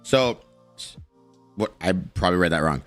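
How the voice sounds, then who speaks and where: A man's voice: deep voice, animated, moderate pace, faint music behind. A man live-streaming, commenting bluntly and heatedly, with plenty of swearing as he reacts and reads aloud. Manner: blunt, profane, heated ranting.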